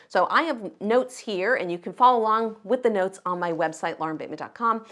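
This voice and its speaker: A woman's voice: medium pitch, a bit bright. A woman teaching guitar, explaining step by step in an encouraging, friendly way. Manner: encouraging, explains step by step while counting beats. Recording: guitar music behind the voice. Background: her own acoustic guitar playing.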